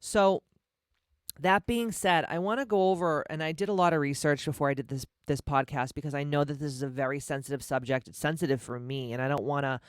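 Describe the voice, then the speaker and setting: A woman's voice: deep voice, fairly even intonation, brisk, clear, resonant tone, dry recording, studio quality. A woman in her forties hosting her own podcast, speaking candidly and emphatically, swearing freely. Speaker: podcast host. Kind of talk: candid personal podcast monologue.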